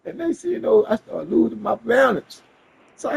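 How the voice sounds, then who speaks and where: Husky, animated man telling a story. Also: very high-pitched, normal speed, rough recording. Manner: animated, profane, laughs while telling. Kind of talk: casual storytelling.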